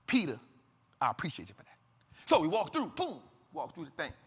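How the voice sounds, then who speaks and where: A man host telling a story dramatically to an audience, acting out the dialogue and swinging between loud and hushed. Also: on the high side, huge pitch swings, fairly quick, husky, big-room sound.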